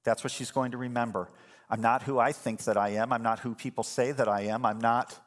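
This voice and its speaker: Man, middle-aged, pastor, sermon, conversational storytelling, emphatic asides, middle pitch. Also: fairly even intonation, a little fast.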